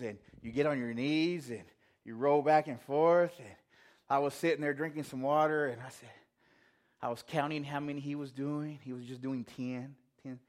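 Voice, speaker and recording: A man preaching a casual, conversational sermon, telling a self-deprecating story with quoted asides. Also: a little high. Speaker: pastor.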